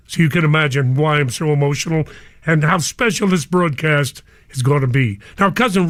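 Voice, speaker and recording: A man's voice: fairly high pitch, a bit bright, no room sound, clean studio sound. An older man, a radio DJ, speaking live and emotionally to his listeners, whom he calls cousins.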